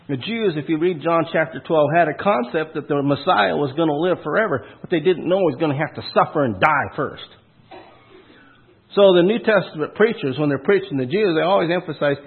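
Husky guy preaching, folksy and punchy, slightly high voice, tinny phone-like audio. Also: animated, fairly quick. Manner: folksy, punchy preaching with rhetorical questions and sudden loud emphasis. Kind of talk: sermon.

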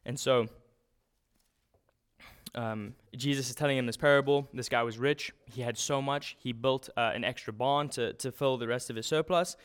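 A man preaching a sermon in a relaxed, conversational way, often restarting and using fillers. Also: medium pitch, moderate pace, clean tone.

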